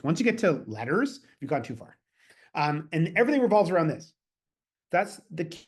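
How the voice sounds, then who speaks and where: Quick, animated man hosting a webinar. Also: on the high side. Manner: casual and chatty, with many fillers and asides. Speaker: webinar host and consultant. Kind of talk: presenting a slide webinar.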